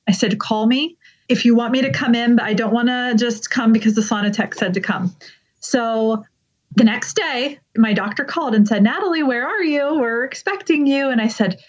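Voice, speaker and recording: A woman recounting an emotional personal story as an interview guest, earnest, with quick bursts of speech. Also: medium pitch. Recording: dull lo-fi sound.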